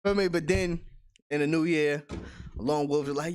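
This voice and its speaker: A man's voice: fairly high pitch, fairly even intonation, normal speed. A man hosting a casual livestream, talking in slang, reading chat aloud and laughing often.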